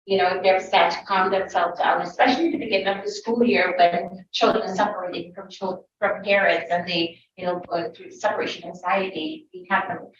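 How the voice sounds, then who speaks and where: A woman's voice: fairly low pitch, steady tone, brisk, few pauses. A woman toddler teacher on a panel, giving firm, direct advice and repeating her points. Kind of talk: panel discussion answers. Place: school event room. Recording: echoey room from far off, dull lo-fi, faint hiss.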